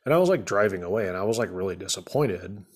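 Casual male contractor venting a rambling story, husky and a bit low. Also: animated, fast talker. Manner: exasperated, rambling, many fillers. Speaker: remodeling contractor.

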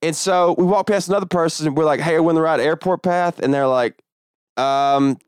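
A man's voice: on the high side, a little fast, clear, resonant tone, dry recording, clean studio sound. A man telling a long, profane story in a casual podcast chat.

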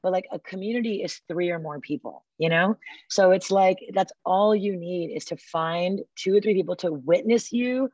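A woman guest on a podcast interview talks with enthusiasm, acting out small quotes in a lively way during casual conversation. Her slightly low voice moves at normal speed and comes through a dull, dry remote line.

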